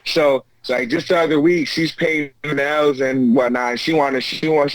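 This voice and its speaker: An American man telling stories as a guest over a video call, animated and quick to act out what people said. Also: on the high side, dry recording. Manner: animated, acts out quotes, frequent restarts. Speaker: guest, UFC fighter. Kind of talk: casual storytelling chat. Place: remote video call from home.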